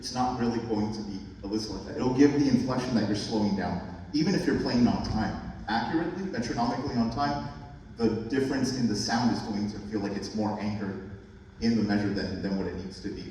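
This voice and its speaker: A man's voice: mid-range voice, fast talker, dark tone, a little hiss or hum. A man teaching a master class, coaching an ensemble in rehearsal and breaking rhythms down step by step. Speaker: music instructor leading a master class. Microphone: distant from the mic. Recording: echoey hall, far mic, music behind. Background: ensemble music.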